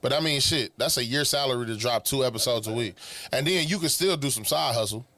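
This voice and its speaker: A man's voice: mid-range voice, fairly quick, bright, forceful tone. Profane, slangy man riffing on a podcast. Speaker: podcast co-host. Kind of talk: casual chat.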